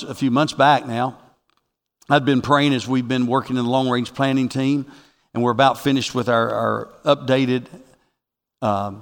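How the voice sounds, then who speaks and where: A pastor preaching a sermon to his congregation. He moves from quiet reflection to loud, rising exhortation. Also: medium pitch, long reverb tail.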